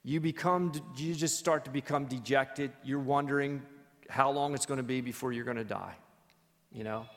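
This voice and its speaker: A man teaching a church Bible study in a conversational, animated storytelling way. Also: medium pitch, normal speed, long reverb tail.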